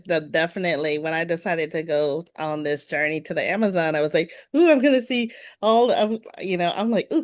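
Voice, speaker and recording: A woman speaking on a panel at an event, telling a personal story in a chatty, animated way and acting out what people said. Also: on the low side. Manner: chatty, animated retelling with quoted voices. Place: event room with an audience.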